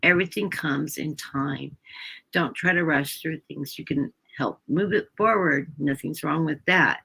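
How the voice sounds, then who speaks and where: A woman's voice: low-pitched, a little slow, creaky, pushed and bright, husky, low-quality recording. An American woman joining a live stream as a guest tarot reader, chatty and upbeat, laughing easily.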